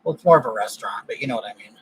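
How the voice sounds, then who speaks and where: A man's voice: mid-range voice, lively intonation, rapid-fire, slightly rough, low-quality recording. A man from California hosting a casual livestream chat, ranting bluntly with strong opinions. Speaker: livestream host.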